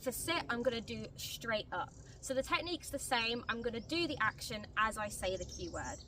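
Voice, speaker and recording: A woman dog trainer giving a clear, step-by-step tutorial outdoors. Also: on the high side, lively intonation, moderate pace. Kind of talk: instructional tutorial. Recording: distant mic, faint outdoor noise.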